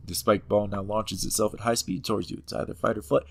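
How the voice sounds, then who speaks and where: A man hosts a let's-play, reading the adventure text and reacting to it playfully. His voice sits slightly low, and he hams up the dramatic moments. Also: quick pace, vocal fry, hardly any pauses. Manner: playful and animated, hamming up the game text. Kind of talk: game commentary and reading game text aloud.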